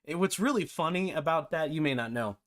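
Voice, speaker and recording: A man's voice: a little high, expressive, a little fast, a bit bright. A man hosting a live-streamed game development tutorial, chatty and self-deprecating, often breaking into laughter.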